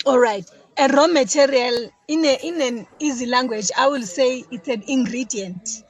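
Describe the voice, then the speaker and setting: A South African woman with a high voice appears as a guest on a casual podcast interview, explaining how she makes detergent for her business. She's chatty, often repeats words, and speaks at a moderate pace. The audio quality is poor.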